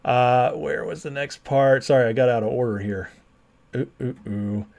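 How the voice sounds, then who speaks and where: A man talks straight into the mic on a live political show, his pitch sitting in a plain middle register. He is blunt and combative, quick to jab and quick to laugh as he reads out viewer comments. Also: creaky, a little mellow. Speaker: political livestream host.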